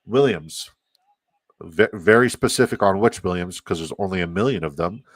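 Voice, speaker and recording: A Canadian man with a lowish voice chats loosely on a live stream, rambling and dropping casual profanity as he reads messages aloud. He sits close to his mic in a dead, dry room. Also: normal speed, no echo. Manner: rambling, profane, reacting to chat. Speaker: fantasy football streamer.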